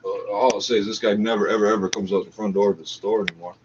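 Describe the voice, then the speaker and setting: A man's voice: lowish voice, steady tone, quick pace. A man delivering a profane, ranting monologue, sometimes acting out other people. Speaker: internet radio talker. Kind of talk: angry monologue over a radio feed. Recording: dull lo-fi mic with faint noise.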